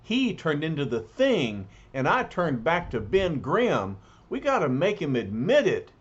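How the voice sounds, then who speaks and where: A gruff, hollering brawler, as a man puts him on with street slang. His pitch is raised and swings widely, and the recording is dull and lo-fi. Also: huge pitch swings, measured pace, exaggerated voice. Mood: frustrated. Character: gruff tough-guy male brawler, hot-tempered.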